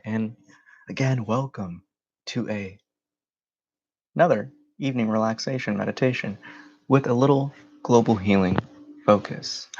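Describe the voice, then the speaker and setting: A man leading a guided meditation in a slow, soothing voice with drawn-out phrases. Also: fairly low pitch, vocal fry, highs cut off. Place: home.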